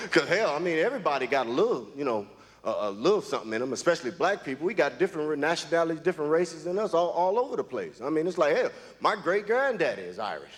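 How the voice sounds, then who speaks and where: Male stand-up comic, slightly high voice, drawling delivery, live hall reverb and crowd noise. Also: very animated, fast. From United States. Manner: drawling, hesitant with fillers. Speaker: stand-up comedian. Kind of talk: stand-up comedy set. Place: comedy club stage, live audience.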